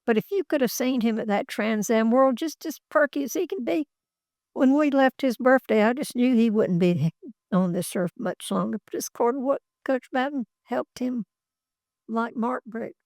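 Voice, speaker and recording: A woman's voice: on the high side, animated, normal speed, darkish tone, dry recording, studio quality. An older woman, a former executive assistant, telling rambling, folksy anecdotes in an office interview. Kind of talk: casual storytelling.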